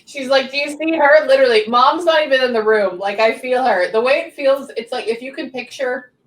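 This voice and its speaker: A woman working as a psychic medium, relaying messages in quick bursts and often pausing to say "hang on" during a live reading session. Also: sits high. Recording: echoey room, distant mic, faint background noise.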